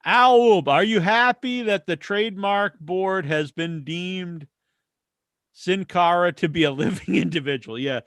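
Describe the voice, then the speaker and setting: Male podcast host, high voice, casual and opinionated, dry recording. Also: measured pace, fairly bright tone, dry recording. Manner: opinionated, ranting. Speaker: podcast host reading listener questions. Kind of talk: casual wrestling podcast chat.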